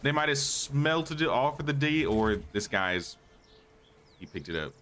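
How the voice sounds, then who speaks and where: A man's voice: mid-range voice, expressive, measured pace, a bit bright. Chatty man streaming a game. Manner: chatty, thinks aloud, greets chat viewers. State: slightly losing his voice. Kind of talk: casual live-stream commentary.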